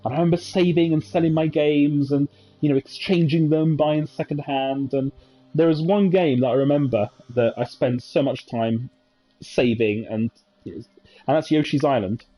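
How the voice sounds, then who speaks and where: A man in his thirties rambles through gameplay commentary, full of ums and nostalgic asides. His voice is dark and mellow with a slightly husky edge. Faint game music plays behind him. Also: fairly high pitch, normal speed. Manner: rambling, nostalgic storytelling with many fillers. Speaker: gaming channel host.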